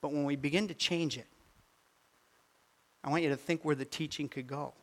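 An older man, a grandfather, preaching a sermon with animated swings from quiet asides to near-shouted peaks. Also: fairly high pitch, moderate pace. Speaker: pastor.

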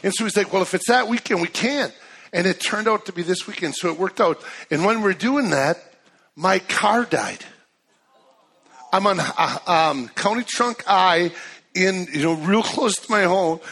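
A man in his fifties, a guest preacher in a church, telling stories in an excitable, chatty way with many restarts. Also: high-pitched, slightly rough. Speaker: guest speaker. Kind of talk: sermon with storytelling.

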